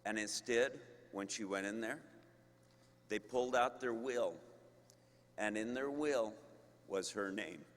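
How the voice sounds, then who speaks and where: A man giving a commencement speech to graduates as a university leader, slow and emphatic with deliberate pauses. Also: on the low side, slight background noise. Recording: long reverb of a large hall.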